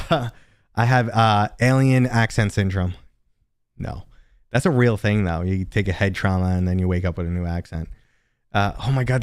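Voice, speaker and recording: A man's voice: lowish voice, no room sound, clean studio sound. A man from New City, chatting casually and joking with viewers while hosting a live stream. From New York City. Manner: rambling, joking, chatty asides to chat.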